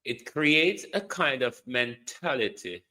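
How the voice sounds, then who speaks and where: A man's voice: mid-range voice, big pitch swings, slow pace, sharp tone. A man with a Jamaican accent giving heated political commentary, scornful and dropping into Patois as he keeps addressing the Prime Minister. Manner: mixes Jamaican Patois into English.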